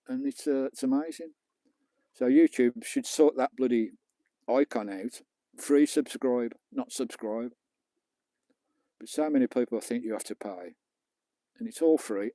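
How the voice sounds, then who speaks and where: A British man chatting casually on a live stream while he fishes on a beach. His voice is dark and mellow, recorded dry and close, and he jokes with viewers and swears now and then. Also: mid-range voice, no room sound. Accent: British English. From England. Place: outdoors on a beach at night.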